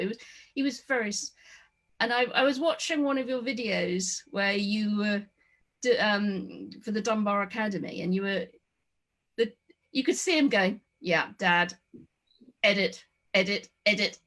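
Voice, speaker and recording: A woman's voice: mid-range voice, moderate pace, fairly bright tone. A woman interviewing a guest in casual chat, stumbling over false starts.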